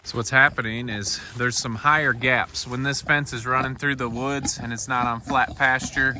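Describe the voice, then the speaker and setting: Relaxed farm guy walking the woods talking to his pigs and dog, outdoor ambience all over the recording. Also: mid-range voice, normal speed. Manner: easygoing, talks to his animals while walking. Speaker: small farm owner. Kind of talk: casual farm vlog narration. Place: outdoors in wooded pasture. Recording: outdoor ambience with clear background noise.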